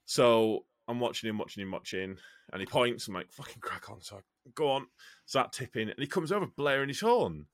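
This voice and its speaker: Bloke rambling on, swears a lot, voice jumps all over, dry close sound. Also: male voice, medium pitch, fairly quick, no echo. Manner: rambling, swears freely, animated storytelling. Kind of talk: casual chat.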